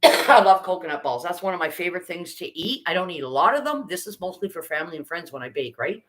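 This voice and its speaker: A woman's voice: fairly low pitch, lively intonation, fast talker, low-quality recording. A middle-aged woman talks casually through a live baking stream. She chats along as she works, greets viewers by name and reads out their comments.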